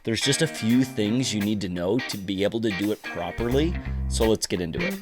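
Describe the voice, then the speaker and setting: A young man, a dog trainer, giving a casual, hands-on lesson with brisk explanations. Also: on the low side, animated, over loud music. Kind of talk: casual instructional talk. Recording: roomy echo.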